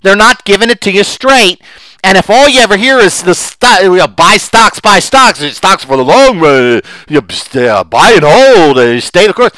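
A middle-aged man talks on his own podcast with a bright, forward voice. His pitch swings widely as he presses his points, full of asides and restarts. The sound is dry and close, with no room behind him. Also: normal speed, no room sound, low-quality recording. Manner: animated and emphatic, gets worked up. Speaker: podcast host. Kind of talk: opinionated solo podcast monologue.

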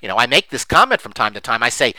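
Animated, bright-voiced middle-aged man. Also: medium pitch, fast talker, dry recording. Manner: animated, emphatic, rambling with many fillers. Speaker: investing commentator. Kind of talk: unscripted monologue.

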